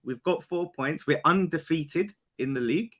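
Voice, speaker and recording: A man, an animated football fan pundit who swears and rants in casual podcast banter. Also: on the high side, normal speed. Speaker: West Ham fan pundit.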